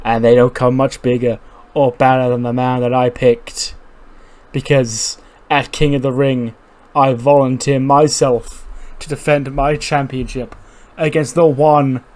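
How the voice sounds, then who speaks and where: A man voicing a brash, boastful male pro wrestler champion with a loud hype-promo delivery. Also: medium pitch, fairly even intonation, slow, close to an everyday voice.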